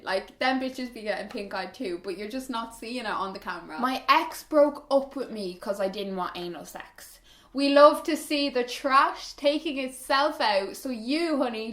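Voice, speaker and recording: A young woman from Ireland chatting to camera. Her voice sits a little high, and she talks in a sassy, incredulous way full of "like". The room gives her voice a noticeable echo. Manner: animated, incredulous, sassy, with lots of "like". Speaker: vlogger. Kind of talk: chatty sponsored review and reading viewer confessions. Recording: echoey room.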